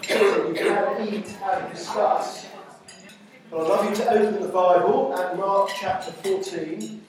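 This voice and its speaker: Slow man preaching in an echoey hall. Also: high voice, fairly even intonation. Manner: slow, deliberate, reading scripture aloud. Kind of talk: informal sermon at a church evening meal. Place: large echoey church hall. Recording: very echoey hall, voice from far off, faint noise.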